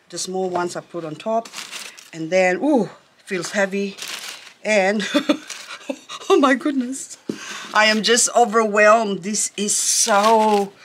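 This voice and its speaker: A woman hosting a plant unboxing vlog outdoors in the sun, excitable and gushing with frequent exclamations. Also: medium pitch, slight background noise. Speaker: plant vlogger. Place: outdoors in sunlight.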